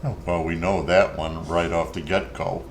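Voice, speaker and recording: A man's voice: low voice, steady tone, moderate pace, slight background noise. A middle-aged man chatting casually beside his partner, answering in short dry one-liners. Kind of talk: casual chat.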